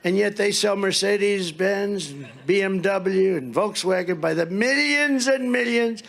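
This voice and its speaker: Man, rally speech, high-pitched, gravelly, rambling, mocking anecdotes. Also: unhurried, a bit bright. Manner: rambling, mocking storytelling with acted-out dialogue. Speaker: political speaker at a rally.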